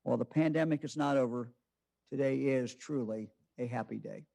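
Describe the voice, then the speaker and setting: An older man in his seventies answering press questions as governor, halting with many fillers. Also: mid-range voice, gravelly, mellow.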